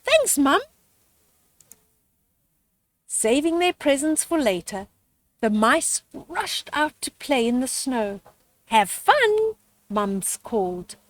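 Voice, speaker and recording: An older woman reading a children's story aloud outdoors, slow, gentle and expressive. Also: fairly high pitch.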